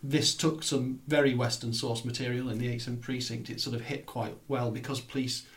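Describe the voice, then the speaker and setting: A man's voice: mid-range voice, fairly even intonation, moderate pace. A man in casual film discussion who rambles and hedges with "sort of".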